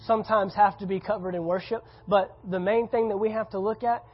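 A man's voice: high-pitched, fairly even intonation, a little fast, slightly rough, faint music behind. A male pastor preaching a sermon at a church service, conversational and emphatic, repeating key phrases. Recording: slightly dull lo-fi recording.

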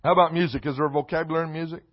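A man preaches a sermon in a church. His high voice climbs into loud emphatic bursts and drops into joking asides. The recording sounds dull and lo-fi. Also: steady tone, very fast. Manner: preaching with rising shouts and comic asides. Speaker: pastor. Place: church sanctuary.

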